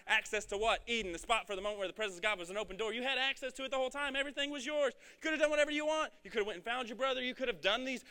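A man preaching a casual, energetic sermon, talking in a rambling, conversational way. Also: very high-pitched, racing, smooth. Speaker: pastor.

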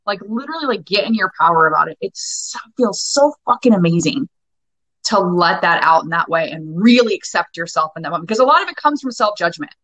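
A woman's voice: on the low side, expressive, a little fast, fairly bright tone, no room sound, low-quality recording. A woman in her forties, a guest coach on a podcast interview, talking in a passionate, emphatic way with plenty of swearing. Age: 40s. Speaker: guest, anger-work coach.

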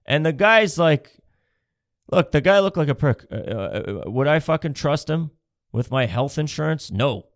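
A man's voice: fairly high pitch, expressive, a little slow, dry recording, studio quality. A man from Canada doing a profane, sarcastic comedic rant, mocking the people he talks about.

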